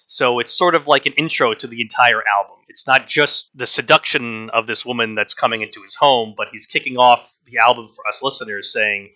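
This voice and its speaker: A man's voice: medium pitch, moderate pace, sharp tone. A man talking casually through an album review, frank and wry. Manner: conversational, frank, wry asides.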